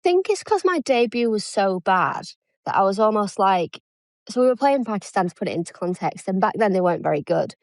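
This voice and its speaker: A woman's voice: medium pitch, expressive, fairly quick, no echo. Chatty self-deprecating English woman. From England. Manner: chatty, self-deprecating, acts out quoted dialogue. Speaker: guest, former international cricketer. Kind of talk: casual interview chat.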